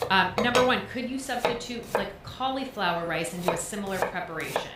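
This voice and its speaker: A woman off to the side of a live cooking stream, quickly relaying viewer questions to the chef. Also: medium pitch. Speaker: producer reading viewer questions. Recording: distant, roomy kitchen, loud noise.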